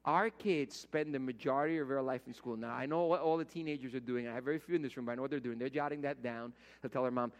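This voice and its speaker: Middle-aged male pastor, higher-pitched voice, chatty storytelling sermon style, long hall reverb. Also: fairly even intonation, fast talker. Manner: storytelling, conversational, acts out quoted voices.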